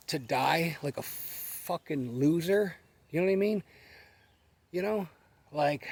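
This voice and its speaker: A man's voice: a little high, darkish tone, slightly rough. A man in his forties giving a blunt, profane casual rant to the camera, repeating himself for emphasis. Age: 40s. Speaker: vlogger.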